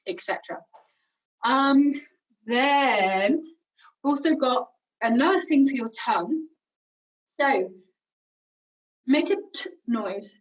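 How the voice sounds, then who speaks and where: A woman's voice: fairly high pitch, normal speed, far from the mic, rough recording. A young woman teaching singing, chatty and encouraging, demonstrating each sound. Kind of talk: online vocal warm-up lesson.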